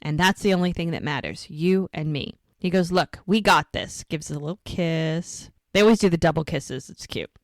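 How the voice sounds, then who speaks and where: A woman's voice: fairly low pitch, moderate pace, hardly any pauses, dry recording. A woman co-hosting a podcast, casually recapping a TV episode and acting out the characters' lines. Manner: animated retelling, acts out dialogue.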